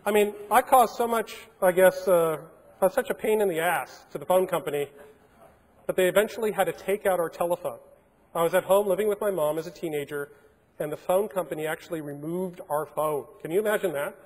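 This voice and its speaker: A man in his forties giving a keynote at a hotel conference, telling animated anecdotes with plenty of fillers. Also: sits high, a little fast. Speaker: keynote speaker. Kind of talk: storytelling keynote. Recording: long reverb of a large hall.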